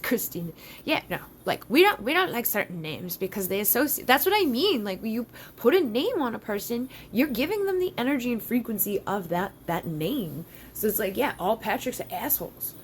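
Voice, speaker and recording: A woman leading a live ritual as a tarot reader, chanting slow rhythmic invocations and then ranting casually with lots of swearing. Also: medium pitch, animated, slight background noise.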